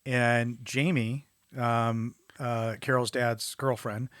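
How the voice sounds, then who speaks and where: Animated man co-hosting a film podcast. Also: mid-range voice, clean tone, no room sound, studio quality. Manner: animated, acts out characters' lines in quick impressions. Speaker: podcast co-host. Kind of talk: casual film discussion.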